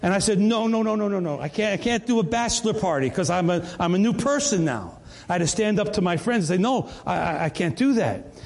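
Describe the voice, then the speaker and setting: A man's voice: high-pitched, lively intonation, a little fast, gravelly. An older man preaching a sermon, telling his own story and often stammering and repeating words. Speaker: pastor. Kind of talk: sermon with personal testimony. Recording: long reverb of a church hall.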